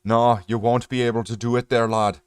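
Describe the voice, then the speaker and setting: A man's voice: medium pitch, little pitch movement, a little fast, clear, resonant tone, dry recording, close to an everyday voice. A man voicing a swaggering little Irish-Scottish space marine figure who taunts with a boast. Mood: taunting.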